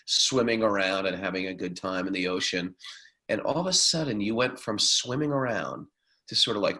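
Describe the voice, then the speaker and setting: A man co-hosting a podcast, telling a story in a lively, casual way and acting out the quotes. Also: medium pitch, normal speed, rough recording. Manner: animated storyteller, acts out quotes. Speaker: podcast co-host.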